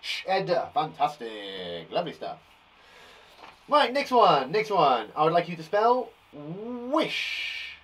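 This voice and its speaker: Bunged-up teacher guy doing phonics for little kids, slow, bit high voice. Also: very animated, a bit bright, slightly rough. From England. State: blocked nose. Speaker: primary school teacher. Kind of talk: live phonics lesson for young children.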